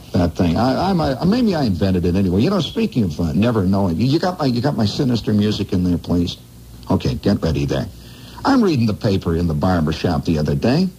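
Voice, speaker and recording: A man hosting a radio show, telling wry, rambling comic stories in a conversational way, dropping to a low mutter and jumping up high for emphasis. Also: mellow, slight background noise, poor audio. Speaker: radio host.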